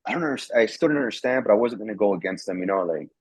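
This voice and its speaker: A former National Guard soldier appears as a guest, talking rapid-fire in a lowish, breathy, animated voice. He rambles casually through a story, acting out the quoted dialogue and often repeating words; the recording is dull and lo-fi with no room sound.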